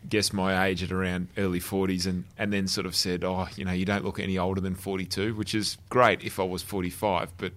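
A man's voice: deep voice, level tone, a little fast, few pauses, fairly bright tone. An Australian man in his thirties, co-hosting a podcast and chatting in a self-deprecating, joking way. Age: 30s. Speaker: podcast co-host. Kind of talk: casual podcast chat.

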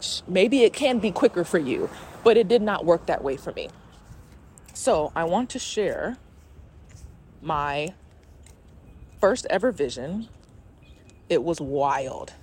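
A woman's voice: on the low side, slight background noise. A woman hosting a casual spiritual podcast, talking candidly and expressively with frequent swearing and reading aloud from her journal. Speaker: podcast host.

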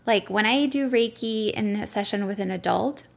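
Speaking at a moderate pace in a gravelly, medium-pitched voice, a young Reiki practitioner narrates a story on her own podcast. Her delivery is chatty and packed with fillers such as "like" and "you know."

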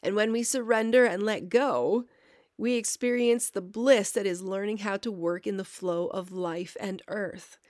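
A woman, a longtime student, calmly reading a scripted introduction for a spiritual podcast. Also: mid-range voice, no echo, clean studio sound. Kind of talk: scripted narration.

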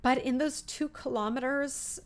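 A woman in her thirties hosting a podcast, telling a personal story in a heartfelt, emotional way, with many fillers and pauses. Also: high-pitched. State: emotional, near tears. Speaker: podcast host.

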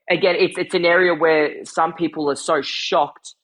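A man's voice: a little high, fairly even intonation, slow, fairly bright tone. A man co-hosting a podcast in casual conversation, telling stories animatedly, acting out quotes and laughing often. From European family background. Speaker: podcast co-host.

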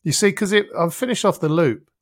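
A man's voice: high-pitched, brisk, no echo, studio quality. A middle-aged man, a podcast guest, telling a personal story vividly and acting out his own inner voice, with casual swearing. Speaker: interview guest, helps people with their thinking. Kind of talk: reflective storytelling in a podcast conversation.

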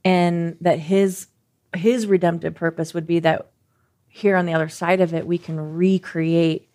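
A woman co-hosting a faith podcast, speaking in an earnest, gently reflective way. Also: on the low side, little pitch movement, measured pace. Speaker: podcast co-host.

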